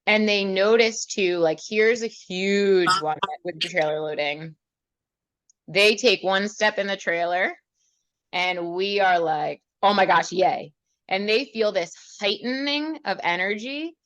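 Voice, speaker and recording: A woman riding instructor teaching a student in a chatty, animated way, then leading a guided meditation. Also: medium pitch, a little slow, no echo, highs cut off. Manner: chatty, animated, acts out horse thoughts. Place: outdoors at a horse trailer.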